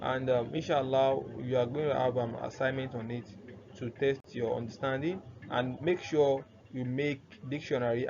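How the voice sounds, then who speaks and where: A man teaching grammar, who keeps posing "what?" questions and answering them himself, repeating the key terms. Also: mid-range voice. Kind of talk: explanatory lesson. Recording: dull lo-fi recording with faint noise.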